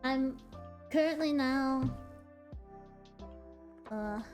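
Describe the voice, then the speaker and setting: A young adult woman streamer, chatting casually and telling a story in an animated way, swearing freely and laughing between lines. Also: sits high, extremely slow, soft background music.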